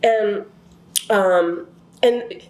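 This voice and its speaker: A woman's voice: medium pitch, very slow, a little mellow, roomy sound. A woman teaching a relationship class in a casual, chatty way. She tells personal stories with lots of fillers and asides.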